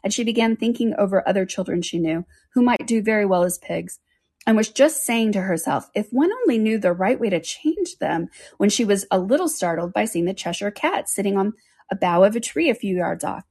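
A woman reads a classic children's story aloud at an even pace. Her voice has a husky, breathy texture and a middle pitch. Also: a little fast. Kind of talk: reading a children's book aloud.

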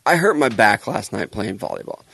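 A man's voice: fairly low pitch, animated, fairly quick, vocal fry, sharp tone, slightly rough, no room sound. A man in his thirties co-hosting a casual podcast, telling stories with jokes and swearing freely. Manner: joking, storytelling, swears freely. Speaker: podcast co-host.

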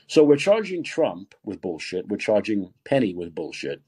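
A man's voice: fairly low pitch, big pitch swings, normal speed, dark tone, slightly rough. A man hosting a political talk show, giving angry, profane opinion commentary and reading from articles. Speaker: podcast host.

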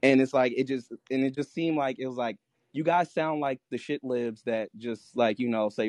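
A man's voice: medium pitch, fairly even intonation, brisk, darkish tone, no echo. Rambling man on a call-in, dry sound. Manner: rambling, filler-heavy, joking. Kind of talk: casual political chat.

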